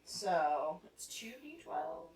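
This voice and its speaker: Lively woman player, roomy and off-mic. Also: medium pitch, slow pace, recorded from a distance, background noise. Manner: chatty, swears casually, asks rules questions. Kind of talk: tabletop game play.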